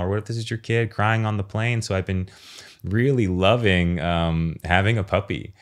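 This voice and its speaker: A man speaking as a podcast guest in a casual, earnest and expressive way, swearing now and then. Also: low voice, normal speed. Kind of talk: casual conversation.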